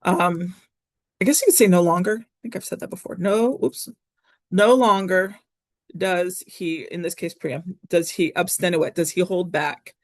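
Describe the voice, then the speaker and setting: A woman's voice: fairly low pitch, normal speed, slightly rough, no room sound. Lady teacher talking through latin lines, casual and chatty, lots of ums, dry close mic. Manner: chatty, self-correcting, frequent ums. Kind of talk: recorded classroom lesson.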